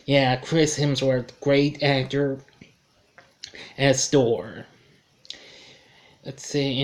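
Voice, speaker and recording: A man giving a casual film review, rambling and correcting himself as he goes. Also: medium pitch. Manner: rambling, self-correcting, chuckles at his own slips.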